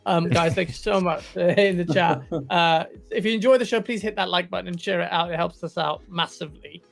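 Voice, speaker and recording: Gravelly high-voiced male stream host. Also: a little fast, fairly bright tone. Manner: thanking guests, plugging the channel. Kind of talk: live stream chat.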